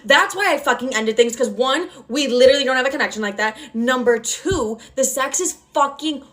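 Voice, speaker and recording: A woman's voice: high voice, a little fast, fairly bright tone. Brash, profane young woman storyteller. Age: 20s. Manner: brash, profane, chatty with lots of "like". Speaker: storytime creator. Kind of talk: casual storytime vlog.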